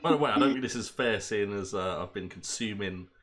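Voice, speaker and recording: A man's voice: fairly low pitch, fairly quick. A man co-hosting a casual livestream chat in a self-deprecating, mumbling way. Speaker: podcast co-host. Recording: loud crowd noise behind.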